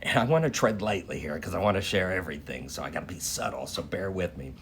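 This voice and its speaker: A man casually telling a long story in a profane, animated way, tagging lines with "right?". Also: low-pitched, fast talker, a little hiss or hum. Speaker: dream storyteller.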